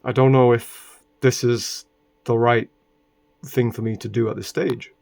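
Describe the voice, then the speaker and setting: A man raised in Britain, recording a casual vlog indoors. He rambles through a personal story at a middle pitch, leaning on "right?" to keep the listener with him. Exasperated asides break into the telling. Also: level tone, unhurried, vocal fry, a little mellow. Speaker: vlogger.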